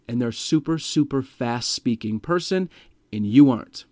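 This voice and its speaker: A man's voice: medium pitch, lively intonation, moderate pace, darkish tone, no room sound, studio quality. A man teaching sales skills in a direct, emphatic manner, asking his listeners rhetorical questions. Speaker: sales trainer. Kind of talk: instructional talk to camera.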